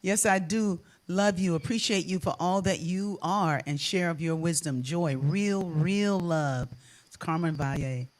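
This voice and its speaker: An older woman hosting a casual live chat, warm and playful, laughing often. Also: lowish voice, a little slow. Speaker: host and singer.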